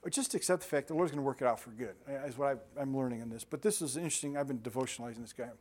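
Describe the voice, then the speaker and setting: An older male pastor preaches at a racing clip in a medium-pitched, slightly mellow voice. He drifts from scripture into rambling, self-deprecating stories, restarting often and chuckling as he goes, like conversational storytelling.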